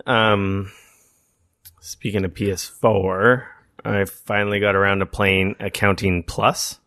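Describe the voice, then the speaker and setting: A man's voice: fairly low pitch, level tone, slow pace, a bit bright, dry recording, studio quality. A man hosting a podcast in casual chat, rambling and swearing freely. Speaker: podcast host.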